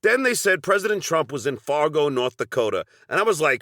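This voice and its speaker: A man's voice: a little high, sing-song, brisk, few pauses, a bit bright, no echo, studio quality. A middle-aged man with a Long Island accent narrating a personal story from a script, with wry, sardonic asides.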